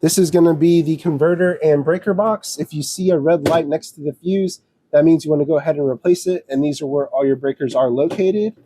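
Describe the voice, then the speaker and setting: A man from an RV dealership walking viewers through a trailer, explaining each control in a steady, practical, step-by-step way. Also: fairly high pitch, a little fast, a little hiss or hum. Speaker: RV dealership salesperson giving a walkthrough. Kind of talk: casual walkthrough demonstration. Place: outdoors around an RV, then inside it.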